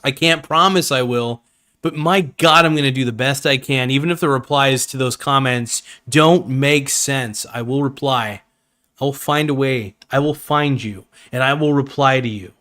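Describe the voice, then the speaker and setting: A man's voice: medium pitch, moderate pace, sharp tone. A man hosting a live stream, chatting casually in an enthusiastic, rambling and jokey way.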